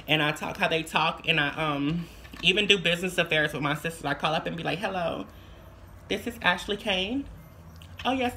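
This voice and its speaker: A trans woman talks through her voice-feminization tips in a loose, chatty vlog, tossing in sassy, playful asides. Her voice is bright and forward, with a faint hiss of noise behind it. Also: low-pitched. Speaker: vlogger giving voice tips. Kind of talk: casual advice vlog.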